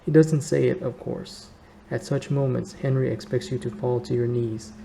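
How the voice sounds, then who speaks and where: A man reads a novel aloud with a very dark, gravelly voice. His delivery is measured and held to a narrow, steady pitch, with a faint hiss of noise behind him. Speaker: reader.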